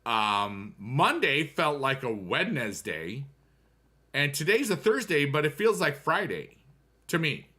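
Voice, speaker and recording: A man's voice: a little high, big pitch swings, slow pace, sharp tone. A man casually chatting with his viewers during a livestream, rambling from topic to topic and humming tunes now and then. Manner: rambling and talkative, chats to viewers while gaming; musical asides, hums tunes. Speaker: livestreamer answering chat.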